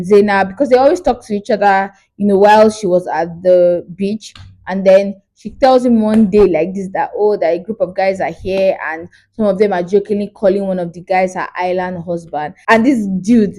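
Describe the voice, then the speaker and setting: Woman, casual vlog recap, gossipy and expressive. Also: mid-range voice. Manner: animated, gossipy retelling with acted quotes. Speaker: movie reviewer.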